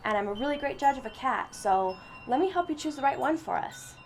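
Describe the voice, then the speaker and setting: A woman voicing an old pet cat, gravelly. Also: on the high side, animated, quick pace, a little mellow, soft background music. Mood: eager. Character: aging ailing male pet cat, trusting.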